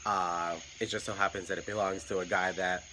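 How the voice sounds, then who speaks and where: A man telling a story in a relaxed, unscripted way, with dry, profane asides and plenty of stammered restarts. His voice is bright and forward, with a faint hiss behind it. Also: low-pitched, fairly quick, low-quality recording. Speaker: hotel night clerk telling stories. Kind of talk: casual storytelling.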